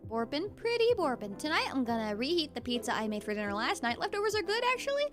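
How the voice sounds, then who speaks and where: A woman's voice: sits high, big pitch swings, quick pace, over music. A woman streamer chatting casually with her viewers, bubbly and giggly, reading chat aloud.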